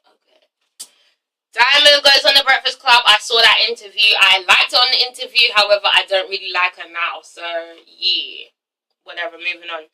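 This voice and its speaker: A woman's voice: fairly high pitch, sharp tone, recorded from a distance, low-quality recording. A young woman with an English accent giving a blunt, sassy review, swearing freely and tagging "okay?" onto her points. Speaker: vlogger reviewing a reality show. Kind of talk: casual sassy commentary.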